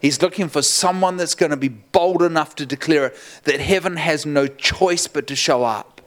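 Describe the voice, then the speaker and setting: Male pastor, storytelling sermon, animated, laughs often, slightly high voice. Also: normal speed.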